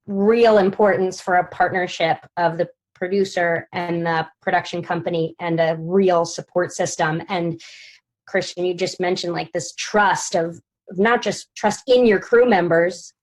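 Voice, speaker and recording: A woman's voice: fairly low pitch, fairly even intonation, unhurried, poor audio. A woman producer speaking as a panel guest, giving long, thoughtful answers with a frequent "like". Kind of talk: casual panel discussion.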